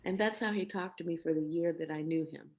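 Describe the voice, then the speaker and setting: Older woman, lively storyteller, acts out voices, laughs often, low-pitched voice. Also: a little fast, lo-fi sound. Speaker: guest vocalist. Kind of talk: storytelling in a conversation.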